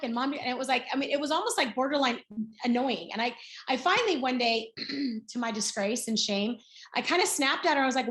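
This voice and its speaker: A woman's voice: high voice, a little fast, fairly bright tone. A woman in her sixties telling her personal story in a chatty, storytelling way on a video call, acting out bits of dialogue as she goes. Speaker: guest speaker. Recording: roomy echo.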